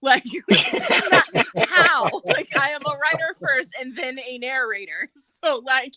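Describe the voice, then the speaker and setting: A woman who writes and narrates audiobooks, chatting casually, animated and profane, laughing often. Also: high-pitched, slow. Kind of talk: casual chat.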